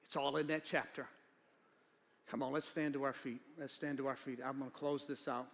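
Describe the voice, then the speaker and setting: A pastor preaching a sermon, talking conversationally and then building to shouted fervor. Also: male voice, mid-range voice, little pitch movement, fairly quick, gravelly, a little hiss or hum. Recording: long hall reverb.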